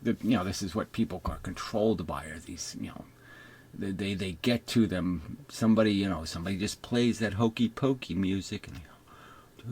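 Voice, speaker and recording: A husky, somewhat low-voiced older man rants in an unscripted monologue, profane and sarcastic. He mocks the people he talks about and drops into put-on voices to imitate them. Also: moderate pace, darkish tone. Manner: mimics others in put-on voices. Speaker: video commentator.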